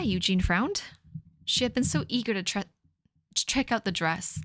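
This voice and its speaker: A woman's voice: medium pitch, lively intonation, a little slow, a bit bright, no room sound. A woman in her thirties reading her teenage fanfic aloud on a live stream, often breaking off to laugh and comment. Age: 30s. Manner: laughing at her own writing, mock-dramatic asides.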